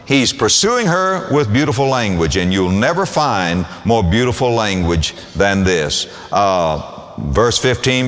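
A man's voice: on the low side, very animated, measured pace, fairly bright tone. Guy preaching, reads verses out and does little voices, reverb from a big hall. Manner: reads scripture aloud and acts out voices in the text. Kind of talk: sermon.

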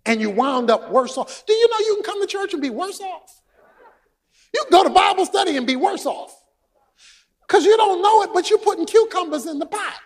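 High, lively-voiced man preaching in a hall. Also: brisk. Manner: preaching with shouted emphasis and storytelling asides. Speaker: pastor. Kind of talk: sermon. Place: church sanctuary. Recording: long hall reverb.

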